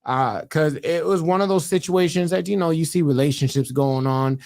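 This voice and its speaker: Middle-aged man, podcast host, relaxed slangy talker with a slightly raised voice. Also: on the high side, moderate pace. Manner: laid-back slang, swears casually. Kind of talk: casual chat. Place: studio podcast set.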